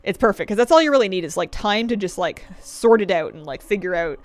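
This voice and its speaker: A woman's voice: medium pitch, lively intonation, fast talker. A woman, chatting casually as a game streamer, thinking aloud and laughing often. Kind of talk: casual gameplay commentary.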